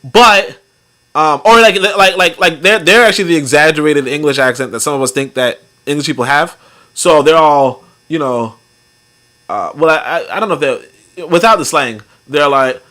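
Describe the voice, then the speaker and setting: A man's voice: a little high, big pitch swings, moderate pace, pushed and bright. A man hosting a podcast, talking in loose, rambling commentary, with heavy use of fillers and some swearing. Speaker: podcast host. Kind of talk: casual commentary.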